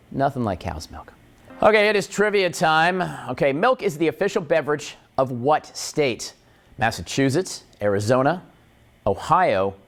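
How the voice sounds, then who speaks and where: A man hosting a morning show, chatting in a jokey, wisecracking way and throwing in puns. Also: medium pitch. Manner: punning, wisecracking, animated.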